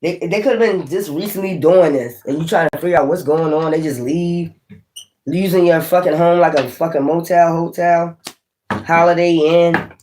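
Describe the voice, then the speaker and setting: A man giving a casual tarot reading, blunt and profane, with animated swings in delivery. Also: fairly high pitch, normal speed. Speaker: tarot reader.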